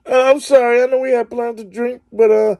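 A man mocking a flaky young woman who makes excuses, raising his voice into a high impression. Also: little pitch movement, brisk, darkish tone, no echo. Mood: apologetic.

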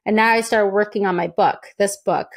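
A young woman from the United States, a guest telling her own story in a chatty, lively way and acting out quoted voices. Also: medium pitch, a little fast. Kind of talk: casual interview storytelling.

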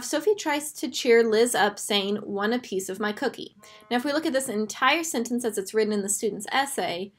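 A woman's voice: on the high side, fairly bright tone. A woman teaching a grammar lesson, patiently walking through each step over a screen recording.

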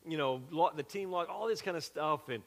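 A middle-aged pastor from South Carolina, whose Southern accent carries a Western Pennsylvania twist, preaches a sermon built around a personal story. His high, bright, forceful voice moves fairly quickly, chatty and animated with many asides, and the sanctuary adds a long, ringing reverb.

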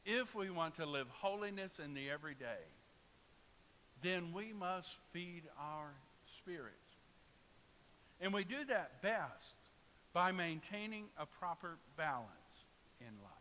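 A man's voice: on the high side, lively intonation, takes it slowly, bright, forceful tone. A man preaching a sermon as pastor, telling humorous stories and joking with his congregation. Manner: storytelling with jokes and asides to the congregation. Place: church sanctuary. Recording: reverberant church hall with faint hiss.

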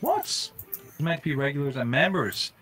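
A young man streaming a survival game, chatting casually and breaking into loud, startled, swearing reactions. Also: on the high side, very animated, normal speed, soft background music. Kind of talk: casual live-stream commentary.

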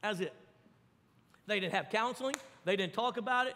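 A man preaching a sermon, telling the story with lively acted-out voices. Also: high voice, a little fast, pauses often, long reverb tail. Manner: animated storytelling, acts out voices. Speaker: pastor. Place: church.

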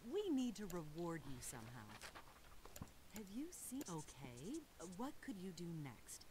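A woman's voice: on the low side, wildly swooping pitch, measured pace, dark tone, a little hiss or hum. A woman voicing a kindly mother in a horror video game, praising her son and giving him chores in a sweet, instructive way. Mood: warm.

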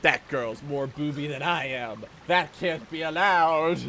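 A man streaming a video game, giving casual, excitable commentary full of swearing and jokes. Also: fairly high pitch, measured pace. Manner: excitable, profane, joking.

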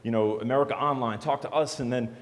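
Male motivational speaker, rapid delivery, joking storyteller, reverberant hall. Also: medium pitch, fairly even intonation. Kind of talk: storytelling speech to an audience.

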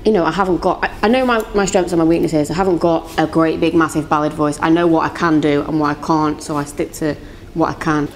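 A woman's voice: sits low, fairly even intonation, slight background noise. Chatty young woman with a London accent. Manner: chatty, giggly, quick-talking. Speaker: singer and songwriter, interview guest. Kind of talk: casual interview chat.

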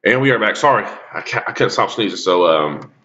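A man's voice: on the low side, lively intonation, a little fast, sharp tone, dull audio. A man giving rambling, casual commentary on a mobile game, coughing and sneezing with a cold. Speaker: gaming YouTuber.

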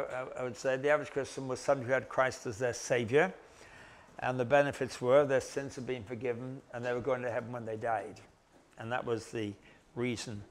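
A man gives a Bible lecture in a relaxed, conversational way. His voice sits at an ordinary middle pitch, and he often pauses and restarts mid-sentence. He slips in gentle jokes at his own expense. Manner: conversational, with gentle self-deprecating humor. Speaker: Bible teacher.

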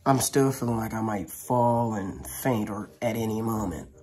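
A woman's voice: a bass voice, moderate pace, background noise. A woman talking in a casual home vlog, slangy, joking and rambling. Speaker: vlogger.

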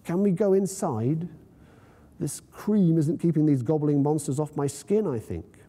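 A man's voice: fairly high pitch, unhurried, dark tone, husky, pitched above the performer's own voice. A man voicing a blind, jovial male reverend in a story reading, hearty and mocking, in a reverberant hall. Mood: teasing. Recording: long reverb in a lecture hall.

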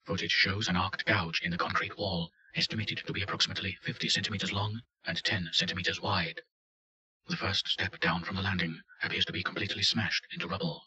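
A man with a very low voice that still sounds forceful and bright. He reads a report in a flat, matter-of-fact tone, as scripted narration. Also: a little fast, poor audio. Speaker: reader.

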